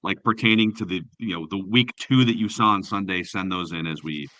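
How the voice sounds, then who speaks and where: A man hosting a casual podcast, wrapping up the segment briskly. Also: low-pitched, bright, forceful tone, no room sound. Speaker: podcast host. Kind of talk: casual podcast chat, show wrap-up.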